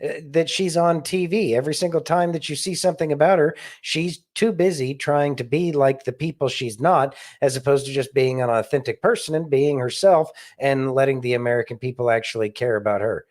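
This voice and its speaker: A man's voice: mid-range voice, fairly quick, few pauses, darkish tone. Man giving rambling political opinions. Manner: rambling, opinionated, sarcastic asides. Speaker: podcast host. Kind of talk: casual political commentary.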